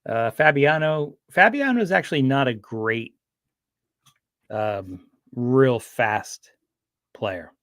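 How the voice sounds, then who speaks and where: A man's voice: mid-range voice, expressive, takes it slowly, pauses often, a bit bright, dry recording, clean studio sound. A man chatting casually on a livestream, rambling with frequent restarts and fillers. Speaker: streamer.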